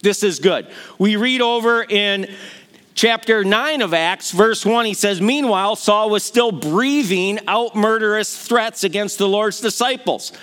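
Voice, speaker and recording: A man's voice: sits high, a little slow, a bit bright, clear, resonant tone. A middle-aged man preaching a sermon, telling the stories with animation and acting out the voices he quotes. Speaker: pastor.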